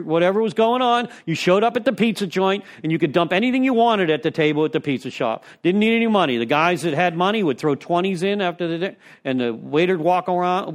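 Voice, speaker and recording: Chatty man telling recovery stories. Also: sits high. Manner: rambling, conversational storytelling with frequent "you know". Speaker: recovery speaker leading a step study. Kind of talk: informal recovery talk to a group. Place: meeting room with an audience.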